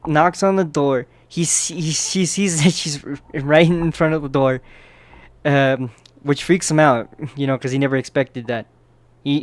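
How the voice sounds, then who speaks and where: A man's voice: medium pitch, clear, resonant tone, dry recording. A man casually narrating a manga chapter recap in a loose, chatty way, often tossing in "right?" to check in with his listeners.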